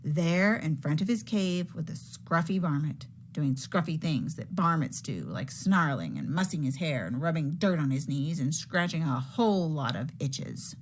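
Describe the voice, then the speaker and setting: A female teacher with a low voice reads a picture book aloud to children, taking it slowly and expressively like a storyteller.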